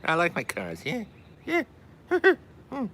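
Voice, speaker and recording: A man's voice: high-pitched, wildly swooping pitch, takes it slowly, fairly bright tone, voice pushed up, full character voice. A man doing an impression of a famous older male TV host who mutters about his cars and keeps repeating "yeah, yeah.". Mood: smug. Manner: mumbling, repetitive "yeah, yeah".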